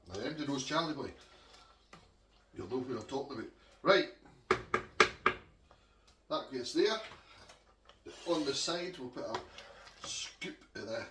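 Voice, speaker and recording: A man's voice: medium pitch, expressive, unhurried, long pauses, background noise. Scottish man, casual cooking vlog, roomy kitchen, mic a bit far off, pots clattering faintly. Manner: chatty, homely, talks to viewers as he cooks. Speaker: home cook vlogger. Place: home kitchen.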